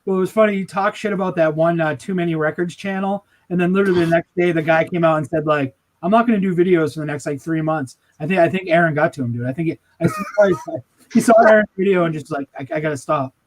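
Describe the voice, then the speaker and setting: A man chatting on a livestream, telling stories in an excited, laughing way. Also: on the high side, quick pace, a little hiss or hum. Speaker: stream guest. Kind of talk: casual chat.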